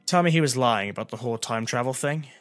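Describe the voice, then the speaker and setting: A man's voice: mid-range voice, fast, no echo, soft background music, lightly acted. A man voicing a puzzled, impatient young male hero in an audiobook, with an exasperated, questioning delivery.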